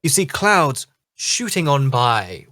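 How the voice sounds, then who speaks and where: A man's voice: mid-range voice, very animated, takes it slowly, bright, forceful tone. A man narrating a tabletop game as dungeon master in a loose, chatty way with fillers.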